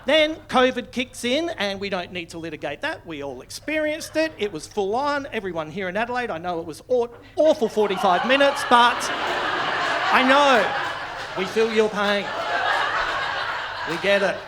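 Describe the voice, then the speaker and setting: A man's voice: high-pitched, expressive, moderate pace, very noisy. A man with an Australian accent doing live stand-up, sardonic and swearing, turning mock-outraged. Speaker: stand-up comedian. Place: comedy club stage, live audience laughing.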